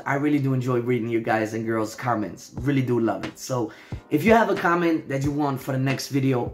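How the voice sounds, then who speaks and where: A man from Denmark with an American-sounding accent, hosting his own channel and chatting casually as he reads viewer comments, earnest and affectionate, often falling back on "so, yeah". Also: mid-range voice. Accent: American-sounding English. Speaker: channel host.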